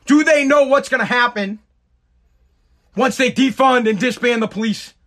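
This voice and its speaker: A man's voice: very high voice, moderate pace, fairly bright tone. A man with a tired, worn voice giving a profane, rambling, sarcastic casual monologue. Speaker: content creator.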